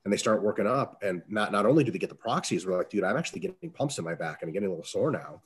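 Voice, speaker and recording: A man answering interview questions as a strength coach, talking casually, with salty language and lively acted-out quotes. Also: on the low side, rapid-fire, husky. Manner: profane, animated, acts out quoted dialogue.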